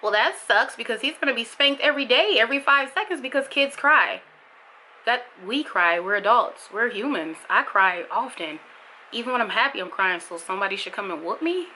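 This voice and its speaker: A woman's voice: lively intonation, fairly quick, a little hiss or hum, poor audio. Impassioned young woman vlogger. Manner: impassioned, emphatic, repetitive for emphasis; bursts high and loud when mimicking others. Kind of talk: candid vlog monologue.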